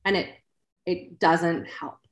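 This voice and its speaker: A woman's voice: on the low side, fairly even intonation, takes it slowly. A woman guest on a faith-based podcast, speaking earnestly and emphatically with encouragement. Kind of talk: faith-based casual chat. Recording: roomy echo.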